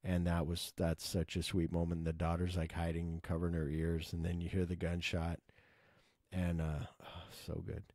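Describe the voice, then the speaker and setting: A man casually retelling his favorite film scenes, excited and swearing, acting out the characters' lines. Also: sits low, moderate pace, no echo, clean studio sound. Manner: enthusiastic, swears, acts out quotes. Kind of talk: casual movie recap.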